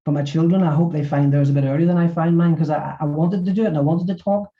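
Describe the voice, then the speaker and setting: A middle-aged author and former physiotherapist is interviewed in a webinar, speaking haltingly with lots of repeated words. He has a fairly high pitch and a steady tone, heard through lo-fi audio.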